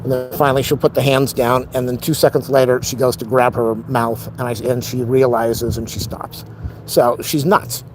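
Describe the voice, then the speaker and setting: A man's voice: medium pitch, flat delivery, normal speed, slight background noise. A middle-aged man venting in a rambling, frustrated casual monologue on a live stream.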